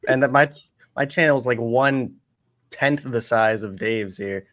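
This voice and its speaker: A male guest in casual chat, telling his story in a relaxed way with mild swearing. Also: medium pitch, a little slow, no echo.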